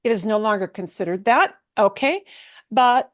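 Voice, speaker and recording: A woman's voice: mid-range voice, expressive. Woman teaching beginners, patient, keeps asking okay?, dry close sound. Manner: patient, repeats words slowly for students to echo; checks in often with "okay?". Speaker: Spanish teacher. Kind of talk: beginner language class.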